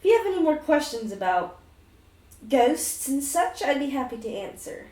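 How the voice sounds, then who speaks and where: A woman doing a chirpy high friendly ghost. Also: big pitch swings, normal speed, a little mellow. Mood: helpful. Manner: cheery and eager to help. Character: friendly chatty ghost in a bar. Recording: roomy sound from a distant mic.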